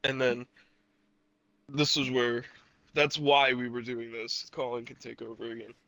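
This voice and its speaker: This young man has a bright, forceful voice and a laid-back, teasing way of talking. He is recorded dry and close, as a casual podcast co-host. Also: medium pitch, little pitch movement, a little slow, dry recording, low-quality recording. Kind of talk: casual storytelling.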